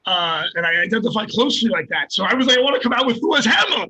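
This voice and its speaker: A middle-aged man, a fighter, telling a story in a casual, profane and animated way and laughing at himself. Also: sits high, fast, slightly rough, rough recording. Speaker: guest, MMA fighter.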